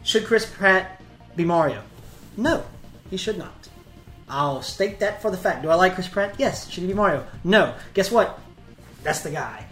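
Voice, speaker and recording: A man's voice: high-pitched, expressive, unhurried, a bit bright, far from the mic, faint music behind. A man co-hosting a casual livestream chat, rambling and emphatic as he talks in bursts. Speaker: co-host. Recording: roomy echo.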